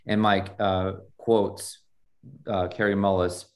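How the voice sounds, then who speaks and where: A podcast host with a deep voice speaks slowly and flatly, reading a scripted introduction with strong emphasis before chatting with his interview guest.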